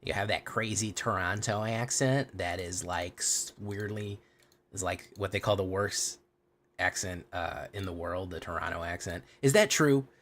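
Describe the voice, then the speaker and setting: A man's voice: low voice, a little slow, fairly bright tone, slight background noise. A man streaming a card game, chatting casually with his viewers and rambling as he plays. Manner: rambling, talkative, answering chat questions.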